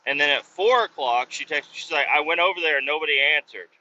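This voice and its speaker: A man's voice: on the high side, fast talker, bright, forceful tone. Profane rambling man venting in a car. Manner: profane, rambling, exasperated storytelling. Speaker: podcast host. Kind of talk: casual rant while driving. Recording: dull lo-fi with faint road noise.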